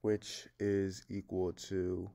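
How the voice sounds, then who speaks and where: Man, low voice, mellow tone, step-by-step math lesson, methodical. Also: flat delivery, very slow, gravelly. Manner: plain, methodical explaining, talking through each step. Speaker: math tutor.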